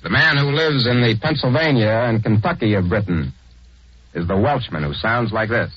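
A man narrating a scripted 1940s radio program in a brisk, wry manner, on a dull lo-fi recording. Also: on the low side, expressive, slightly rough.

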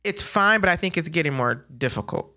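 Bright-voiced mother telling stories. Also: low voice, fairly quick. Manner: animated storyteller, laughs often, acts out her son's words. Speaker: guest, mother. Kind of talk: casual conversation.

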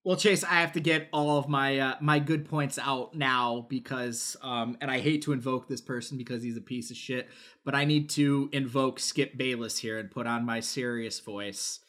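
A man's voice: mid-range voice, steady tone, normal speed, fairly bright tone. A man co-hosting a gaming podcast, talking casually with lots of fillers and the odd swear word. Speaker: podcast co-host. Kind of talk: casual chat.

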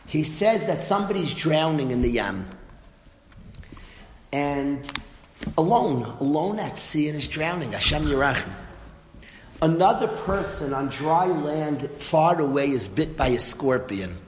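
Male Torah teacher, animated storyteller, high voice, long hall reverb. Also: measured pace, a little hiss or hum. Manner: lively storytelling, acts out lines of the story.

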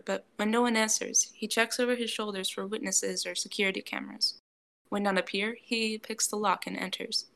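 A woman narrating a fan fiction audiobook, reading in a gentle, even way and voicing a soft-spoken young man's lines. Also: medium pitch, creaky.

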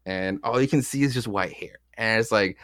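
Loose and rambling, this man goes over comic book issues alongside his co-hosts, cursing freely and performing the quotes. He has a lowish, slightly bright voice at normal speed, captured in a dry, clean studio recording.

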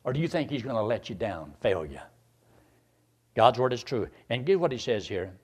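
Preacher man with a lively, rising voice. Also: normal speed. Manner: swings from quiet asides to loud shouted climbs in pitch. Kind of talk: sermon.

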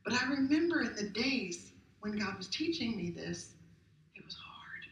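Middle-aged female pastor, fairly high voice, chatty and emphatic, preaching from a distance in a roomy sanctuary. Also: big pitch swings, moderate pace. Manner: conversational and emphatic, with rhetorical questions. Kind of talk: sermon. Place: church sanctuary. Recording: roomy hall captured from a distance.

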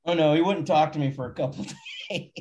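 A man's voice: a little high, fairly quick, darkish tone, lo-fi sound. A man telling backstage touring stories in a casual chat, often laughing and acting out quotes. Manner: laughing anecdotes, acts out quotes. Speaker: touring stagehand.

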